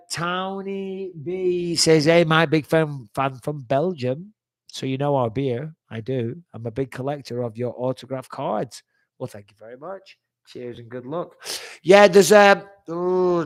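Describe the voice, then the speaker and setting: A man in his forties hosting a live fan chat, reading out fan questions and answering in a blunt, chatty way, swearing freely and sounding like he's getting over a cold. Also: medium pitch. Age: 40s. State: recovering from a cold-like illness.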